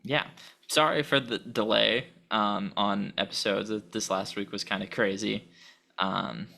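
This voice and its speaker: A man's voice: on the low side, steady tone, a little slow, vocal fry, sharp tone. A man co-hosting a casual podcast chat, talking enthusiastically, often giggling and restarting his sentences. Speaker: podcast co-host.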